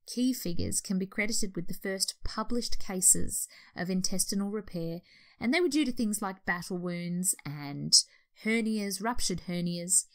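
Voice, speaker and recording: An Australian woman, a nurse educator, explaining a history topic in an informal way, correcting herself as she goes. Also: medium pitch. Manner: explanatory, with restarts and self-corrections.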